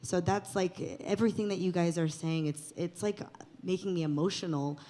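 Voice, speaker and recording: Effusive low-voiced woman on a panel. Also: fairly even intonation, moderate pace, dark tone. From East Los Angeles. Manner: emotional, profane, effusive. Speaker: actress, panelist. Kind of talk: candid panel talk.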